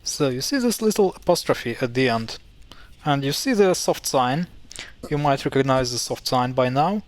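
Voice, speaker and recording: A man's voice: medium pitch, expressive, normal speed, no echo. Hesitant man explaining pronunciation. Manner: hesitant, many fillers and self-corrections. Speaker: language teacher. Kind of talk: casual explanatory lesson.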